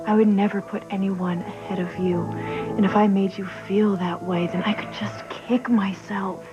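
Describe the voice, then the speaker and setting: An actress as a soft, apologetic young wife. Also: female voice, medium pitch, little pitch movement, normal speed, lightly acted. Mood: contrite. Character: contrite young wife pleading with husband. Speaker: soap opera actress. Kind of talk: daytime soap acting. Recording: dull TV recording under music.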